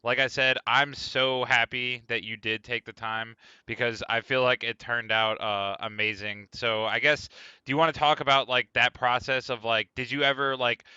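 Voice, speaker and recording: A young man hosting a casual streamed chat, his voice very bright and crisp. He rambles loosely with lots of fillers and generous praise. The audio is dry and a bit dull, like a lo-fi online call. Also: medium pitch, little pitch movement, moderate pace, no room sound. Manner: laid-back, filler-heavy, effusive praise. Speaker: podcast host. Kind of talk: casual interview.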